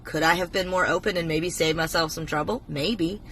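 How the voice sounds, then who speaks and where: A woman in her forties talks straight into her phone, spinning a personal story with plenty of swearing and blunt emphasis. Her voice sits a little low for a woman, with a bright, forceful edge. Faint noise sits under her voice. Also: steady tone, normal speed. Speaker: TikTok storyteller. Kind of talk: casual storytelling to camera.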